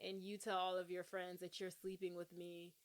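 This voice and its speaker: A woman's voice: lowish voice, monotone, moderate pace. A woman co-hosting a podcast, chatting casually about a film and acting out characters' lines. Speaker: podcast co-host. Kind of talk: casual movie discussion.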